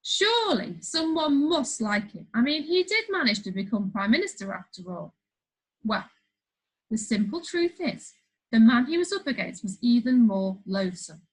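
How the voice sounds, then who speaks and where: A woman's voice: on the high side, very animated, moderate pace, breathy edge, poor audio. A woman reading a funny children's story aloud, playful, with chatty asides to the listener. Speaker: storybook reader.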